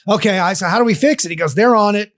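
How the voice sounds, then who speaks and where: High-voiced older man telling stories. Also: quick pace. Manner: animated storyteller who acts out quotes. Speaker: guest. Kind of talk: storytelling podcast chat.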